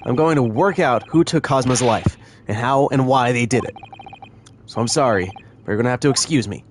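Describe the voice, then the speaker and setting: A man's voice: mid-range voice, normal speed, a little hiss or hum, natural voice. A man reading game dialogue aloud as an earnest, flustered young male defendant, in a pleading, emphatic manner. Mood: determined. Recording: faint music behind.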